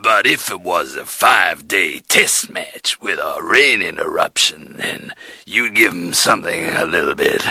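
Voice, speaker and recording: An actor playing an old silent-era cinema pianist, reminiscing slowly. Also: male voice, deep voice, expressive, gravelly, bright, forceful tone, soft background music, heavily acted.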